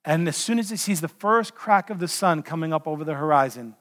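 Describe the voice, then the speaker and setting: A male pastor delivering a sermon, telling the story with animated storytelling and asking listeners pointed questions. His voice sits high for a man. A long hall reverb hangs after his phrases. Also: fairly quick.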